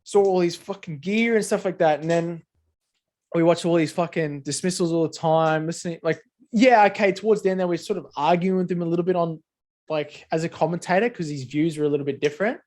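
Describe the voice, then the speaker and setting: Aussie bloke rambling on a podcast, swears a lot, kinda high voice. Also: male voice, a little fast, a little mellow. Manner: rambling, sweary, lots of "like" fillers. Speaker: podcast co-host. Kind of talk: casual chat over beers.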